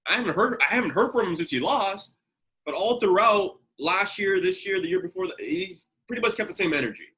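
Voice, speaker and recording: A man's voice: sits high, lively intonation, fairly quick, pushed and bright, poor audio. A young man from Los Angeles co-hosting a comedy podcast, rambling with many fillers in casual chat. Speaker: podcast co-host.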